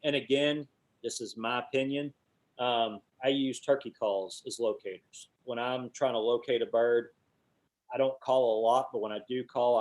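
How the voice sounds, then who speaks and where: A man, teaching a webinar and telling hunting stories, now and then hooting owl calls out loud. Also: medium pitch. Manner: animated storyteller, hoots owl calls with his voice. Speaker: guest instructor, call maker.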